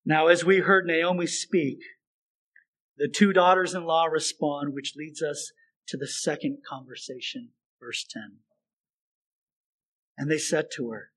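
Slow, high-voiced preacher man. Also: fairly even intonation, fairly bright tone, poor audio. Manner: earnest, emphatic, repeats phrases for stress. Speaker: pastor. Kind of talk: sermon.

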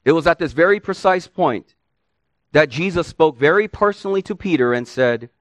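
A man's voice: high-pitched, a little fast, dry recording. A male preacher giving an expository sermon, earnest and emphatic, often asking rhetorical questions.

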